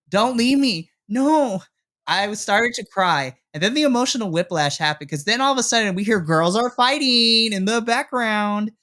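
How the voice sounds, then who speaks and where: A man's voice: high voice, bright, forceful tone. A man co-hosting a wrestling podcast in casual chat, recounting the show in a chatty, playfully dramatic way.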